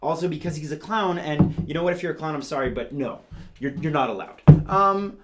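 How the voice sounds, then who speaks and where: A man's voice: a little high, expressive, fast, background noise. A man hosting a comedic news show, playful and gushing as he talks straight to his audience.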